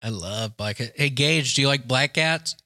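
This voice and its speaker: A man from Tennessee chatting casually on a podcast, making goofy deadpan jokes and laughing easily. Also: medium pitch, normal speed, no room sound, studio quality. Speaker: comedian guest.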